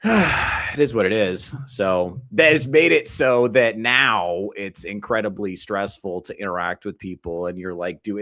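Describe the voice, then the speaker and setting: A man in his thirties with a lowish voice, talking loosely to his live chat like a comedian on a late-night stream. He rambles, swears freely and drops into quick mock quotes to make his point. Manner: profane, rambling and animated, breaking into mock quotes. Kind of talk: casual rant to a live chat.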